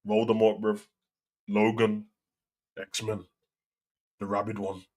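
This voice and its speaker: A man's voice: lowish voice, little pitch movement, slow pace, a little mellow. A man hosting a live wrestling talk show, chatting in a slangy, opinionated way. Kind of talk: casual live reaction chat.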